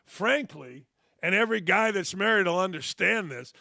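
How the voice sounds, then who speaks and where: High-pitched and animated, this man's voice is creaky, bright, and forceful at a moderate pace. He's a sports talk show host on a brash, profane rant, full of blunt opinions and sarcastic asides where he mimics people with put-on quotes. The sound is dry and clean, studio-recorded.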